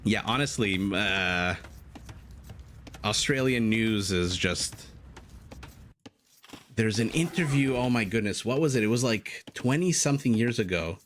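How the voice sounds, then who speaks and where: A man's voice: fairly low pitch, animated, measured pace, pauses often, a bit bright, a little hiss or hum. A man casting a live strategy game match, chatty and prone to rambling tangents with frequent laughs. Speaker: game caster. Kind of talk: live esports commentary.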